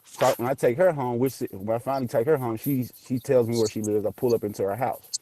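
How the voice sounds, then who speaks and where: A man tells a ghost story casually, animated and profane, acting out the voices. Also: medium pitch, fast, slight background noise. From Memphis area, US South. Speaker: guest telling a ghost story.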